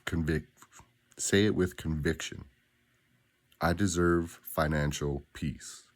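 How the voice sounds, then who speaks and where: A man guiding listeners through spoken daily affirmations, with a slow, deliberate, grounded delivery and pauses between phrases. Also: very deep voice, a little mellow. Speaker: affirmation guide.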